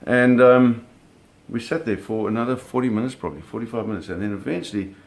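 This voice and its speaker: A middle-aged man casually telling a story, animated, with sound effects and acted quotes. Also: mid-range voice, quick pace, creaky. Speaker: storyteller recounting a fishing trip.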